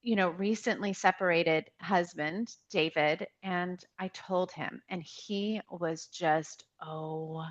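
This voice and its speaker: A woman, a podcast guest, telling a personal story in an animated, emotional way, often restarting her sentences. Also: lowish voice, slow pace, hardly any pauses, lo-fi sound. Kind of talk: personal storytelling in a conversational interview.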